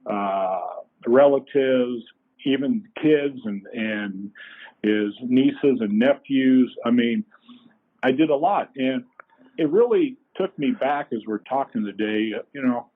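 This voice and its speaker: A middle-aged man tells folksy, lively stories as a podcast guest. His voice is husky and sits at an ordinary pitch for a man. The sound is thin and boxy, like a phone line. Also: slow pace. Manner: folksy, animated storyteller. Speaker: company co-founder, guest. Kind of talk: anecdotal storytelling in a podcast interview.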